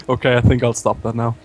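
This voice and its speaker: Teasing male co-streamer. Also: medium pitch. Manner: teasing, dry jokes. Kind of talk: casual stream banter.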